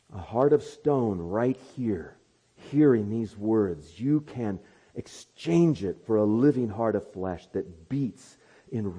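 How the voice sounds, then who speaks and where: A male pastor preaching a sermon, moving from quiet asides to loud, fervent proclamation. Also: lowish voice, husky.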